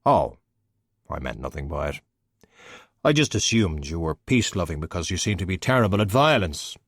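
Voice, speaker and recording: A man voicing a deadpan, sardonic skeleton detective in an audiobook. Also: sits low, normal speed, no echo, studio quality, full character voice. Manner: deadpan, wry.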